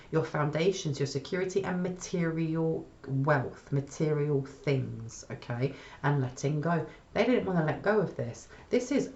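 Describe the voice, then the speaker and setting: A woman's voice: low-pitched, warm tone, roomy sound, lo-fi sound. A woman giving a casual spoken tarot reading, chatty and often checking in with "okay?". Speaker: tarot reader.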